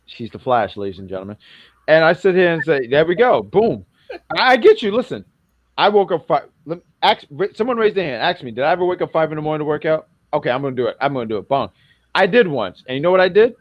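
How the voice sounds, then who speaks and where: A man's voice: fairly high pitch, sing-song, quick pace, dry recording, lo-fi sound. Rambling, jokey man from New York. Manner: rambling, self-correcting, jokey. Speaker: wrestling review co-host. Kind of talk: casual podcast chat.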